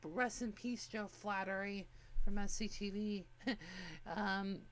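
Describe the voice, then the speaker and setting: A woman's voice: medium pitch, steady tone, slow. A woman in her forties hosting a talk show in casual chat, rambling with many fillers and restarts. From United States. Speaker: podcast host.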